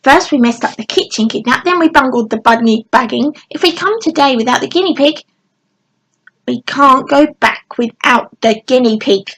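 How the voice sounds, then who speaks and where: A woman reading aloud voicing a gang of sneaky, nervous male goblins that stutter and hiss, with a slightly husky, fairly high voice. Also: moderate pace, a bit bright, poor audio. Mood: demanding. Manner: stuttering, hissing, demanding.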